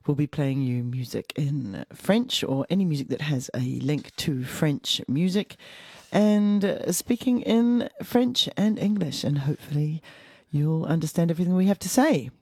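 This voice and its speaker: A woman's voice: low-pitched, animated, normal speed, dark tone, no room sound. A woman co-hosting a radio show, presenting in a friendly, explanatory way. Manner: friendly, explanatory, laughs easily.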